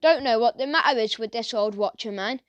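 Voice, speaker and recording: A talkative country postman grumbles and gossips in a lively, fairly loud voice, as a woman puts him on in a children's audiobook. He is friendly and easygoing. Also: a little high, brisk, no echo, lo-fi sound, close to an everyday voice. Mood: chatty. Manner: chatty, gossipy.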